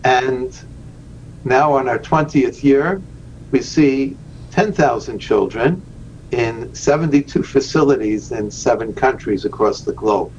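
An earnest man tells his story as a podcast guest, leaning on key words and slowing down to stress them. His voice comes over a dull, lo-fi remote line with a faint hiss underneath. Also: mid-range voice, darkish tone. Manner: earnest, slows down for emphasis. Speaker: guest, rabbi and charity founder.

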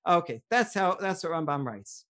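A middle-aged man, a rabbi, lecturing on Jewish law, reading Hebrew sources aloud and explaining them in a measured way. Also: high-pitched, lively intonation, a bit bright. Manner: measured and explanatory, with frequent uh fillers.

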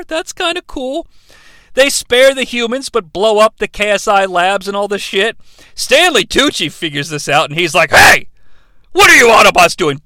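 A man's voice: sits high, pushed and bright, no room sound. A man reviewing a movie in a sarcastic, profane, rambling comedic rant.

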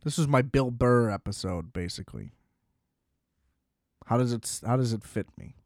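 A man's voice: mid-range voice, lively intonation, normal speed, dry recording, clean studio sound. A young man hosting a solo podcast, ranting in a casual, profane, exasperated way and leaning on filler words. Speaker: podcast host.

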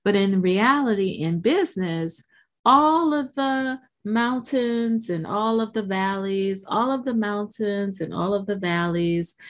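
On her podcast, a woman with a medium pitch gives an energetic motivational monologue, playing out the voices in her head and regularly checking in with "right?"

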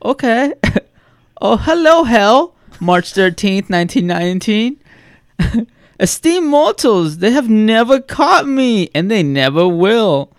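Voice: mid-range voice, very animated, slow, smooth, no room sound, studio quality, voice pushed up. A podcast co-host doing a celebrity impression while reading a killer's letter aloud. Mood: theatrical. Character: impression of a famous cult-film actor reading a killer's letter.

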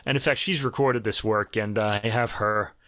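A man's voice: on the low side, steady tone, moderate pace, bright, forceful tone, no echo, studio quality. A man with a New York accent chatting casually through a review of a classical piano album, full of fillers and restarts, as host of a show.

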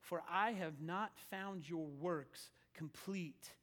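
A male pastor preaching in a conversational way, swinging from loud emphasis to hushed lines in a church sanctuary. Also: fairly high pitch, takes it slowly, long reverb tail. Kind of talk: sermon.

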